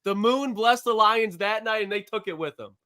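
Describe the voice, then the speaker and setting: A young man co-hosting a sports podcast in casual, excitable chat, laughing often and ribbing his co-host. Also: high voice, normal speed, smooth, no echo. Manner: excitable, laughs often, trash-talking banter.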